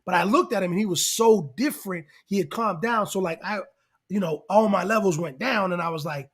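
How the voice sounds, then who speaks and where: A man telling a long story in casual chat, excitable and rambling, acting out what people said. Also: sits high, fairly quick, breathy edge. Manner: excitable, rambling, acts out quotes. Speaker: guest rapper and actor.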